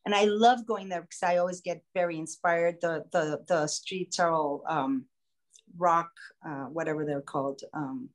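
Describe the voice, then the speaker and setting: A woman podcast host telling a story in a casual, animated way, acting out the voices of the people in it. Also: low voice, normal speed. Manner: animated, acts out quoted voices. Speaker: singer.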